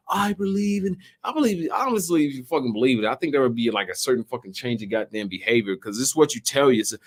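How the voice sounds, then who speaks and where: A man co-hosting a casual podcast chat, talking in a loose, profane, animated way and slipping into mocking impressions. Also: mid-range voice. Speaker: podcast co-host.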